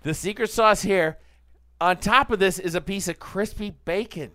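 A man's voice: sits high, normal speed, bright, forceful tone, smooth, no room sound, studio quality. A middle-aged man hosting casual sports talk, rambling through stories and arguing his points with rising energy. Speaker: sports talk show host. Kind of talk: casual sports radio banter.

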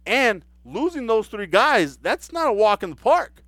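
A man giving casual solo football commentary, animated and incredulous, with mocking asides. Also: high voice, unhurried, no room sound, clean studio sound. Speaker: sports commentator.

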